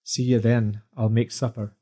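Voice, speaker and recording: A man voicing a quick-witted young singer and actor who banters playfully and talks back defiantly. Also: medium pitch, level tone, warm tone, natural voice. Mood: friendly.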